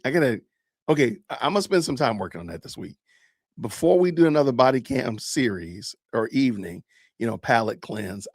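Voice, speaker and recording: Lively chatty man hosting a stream. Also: mid-range voice, breathy edge, no room sound, clean studio sound. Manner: animated, chatty, laughs often. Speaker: podcast host. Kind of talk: live-stream commentary on body cam videos.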